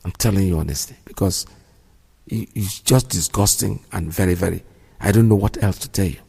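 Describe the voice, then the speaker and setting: A man's voice: low-pitched, brisk, creaky, warm tone, breathy edge. A man hosting a radio show, giving indignant, preachy commentary and repeating himself for emphasis. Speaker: radio host. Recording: long hall reverb.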